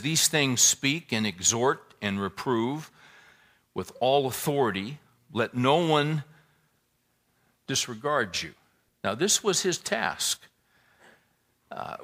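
A man's voice: medium pitch, lively intonation, slow, pauses often, a bit bright. A man preaching a sermon, praying and telling a folksy joke in an earnest way. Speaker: pastor.

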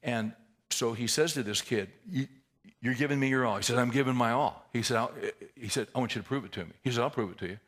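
A man preaching a sermon, telling a story in a conversational way that builds to loud, intense climaxes. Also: medium pitch, fast, husky. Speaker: pastor.

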